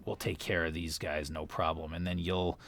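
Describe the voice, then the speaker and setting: A man voicing a menacing male stormtrooper guard who growls low threats. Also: level tone, normal speed, a bit bright.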